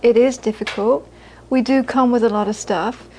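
A woman's voice: a little high, fairly even intonation, moderate pace, warm tone, slight background noise. A British woman, a Buddhist teacher, giving a dharma talk to a live audience, earnest and repeating phrases for emphasis, with frequent laughter.

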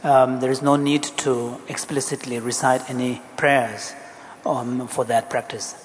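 A man's voice: mid-range voice, flat delivery, a little slow. A man interpreting a Buddhist teaching, hesitant, with many ums and uhs. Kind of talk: interpreting a dharma talk. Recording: long hall reverb, faint noise.

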